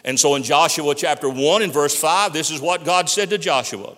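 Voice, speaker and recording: A man's voice: a little high, moderate pace, hardly any pauses, a bit bright. A man preaching a sermon, emphatic and repeating phrases for stress. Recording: long hall reverb.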